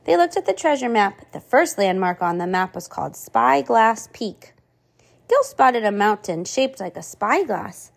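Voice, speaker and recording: A woman's voice: medium pitch, unhurried, gravelly. A mother reading a children's picture book aloud to her young child, stopping to chat with the child about the pages. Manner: animated, chatting with her child between pages.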